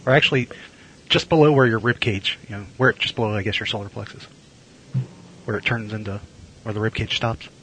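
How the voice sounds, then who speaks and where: A man's voice: lowish voice, fairly even intonation, fairly quick, long pauses, noisy background. A man co-hosting a casual podcast, teasing his friend in a dry, wry way and often restarting his sentences. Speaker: podcast co-host. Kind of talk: casual chat.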